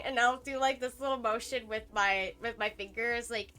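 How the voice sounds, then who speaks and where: Chatty young woman streamer, bright voice. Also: on the high side, normal speed, few pauses. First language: English. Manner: rambling, laughs often, many fillers. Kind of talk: casual chat while drawing. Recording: light music playing behind.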